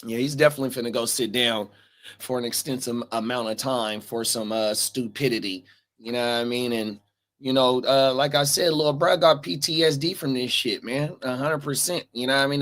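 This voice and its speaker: A man's voice: mid-range voice, steady tone, fairly quick, fairly bright tone. A man co-hosting a podcast in casual chat, slangy, repeating his catchphrases and reading out viewer comments. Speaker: podcast co-host.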